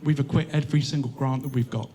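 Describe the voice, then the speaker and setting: A man with an Australian accent giving a speech at an event as a charity co-founder, lively and laughing as he acts out quotes. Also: mid-range voice, fast. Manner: lively storyteller, acting out quotes with excited laughter. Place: event hall.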